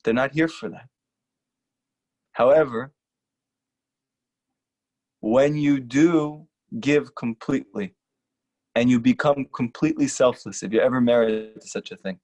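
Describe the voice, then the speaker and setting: A rabbi giving an earnest, emphatic lecture and repeating short lines for stress. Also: male voice, mid-range voice, unhurried, long pauses, a little mellow. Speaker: rabbi teaching a class. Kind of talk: earnest sermon-style lecture.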